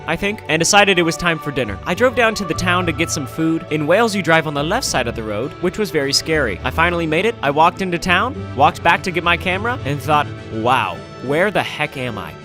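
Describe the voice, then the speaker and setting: A man's voice: a little high, lively intonation, fast talker, hardly any pauses. Upbeat man narrating a travel vlog. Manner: upbeat, wry and self-mocking. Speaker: travel vlogger. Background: background music.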